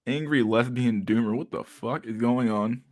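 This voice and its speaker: A man's voice: medium pitch, normal speed, a little mellow. A man hosting a livestream, chatting casually with viewers in a rambling, profane way, laughing often with mock outrage. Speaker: livestream host. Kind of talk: casual chat with live viewers.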